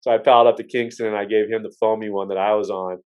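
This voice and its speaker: A man's voice: lowish voice, flat delivery, fast, darkish tone, clean tone, highs cut off. A man hosting a podcast, telling stories in a rambling, casual way with frequent restarts and the odd curse word. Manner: rambling storyteller with many restarts and swearing. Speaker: podcast host. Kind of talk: casual chat.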